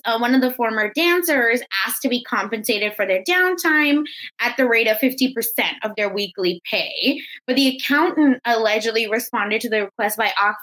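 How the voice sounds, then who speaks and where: A woman co-hosting a podcast in casual chat, animated and reading out quotes. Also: on the high side, low-quality recording. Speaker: podcast co-host.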